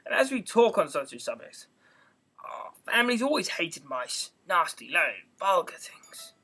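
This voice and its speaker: A touchy little mouse speaks in a high, shrill and passionate voice, read by a man doing all the parts of a storybook. It trembles with feeling and takes offence easily. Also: sing-song, measured pace, bright, forceful tone, husky, full character voice. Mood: indignant. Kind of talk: amateur audiobook reading.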